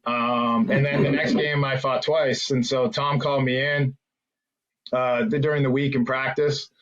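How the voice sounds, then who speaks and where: On a podcast, this ex-hockey player meanders through his stories, restarting often and leaning on fillers in a relaxed interview. He speaks unhurriedly at medium pitch with little pitch movement and a slightly bright tone, though the audio sounds muffled.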